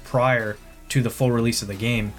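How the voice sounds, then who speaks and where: A man's voice: mid-range voice, fairly even intonation, normal speed, soft background music. A man co-hosting a casual gaming podcast, chiming in with an easygoing manner. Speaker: podcast co-host.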